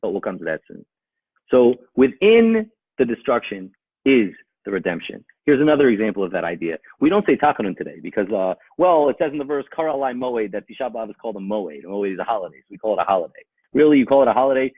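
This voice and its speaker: A man's voice: fairly low pitch, very animated, fast talker, husky, no room sound. A man speaking as a rabbi, giving a rhetorical talk that argues with imagined objections and builds to emphatic peaks. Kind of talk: animated Torah talk. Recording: tinny phone-like sound, dry.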